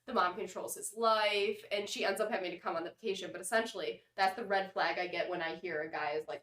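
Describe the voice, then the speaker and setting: A woman's voice: on the low side, fairly even intonation, fast talker, few pauses, fairly bright tone, roomy sound. A young woman co-hosting a casual chat, talking in a chatty, opinionated way with lots of "like". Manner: chatty, opinionated, uses "like" a lot. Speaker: podcast co-host.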